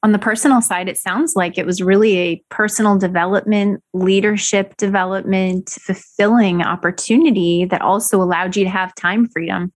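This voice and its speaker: A woman's voice: mid-range voice, fairly even intonation, moderate pace, few pauses, no room sound. Woman interviewer, affirming, sums up points, dry close sound. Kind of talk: interview talk.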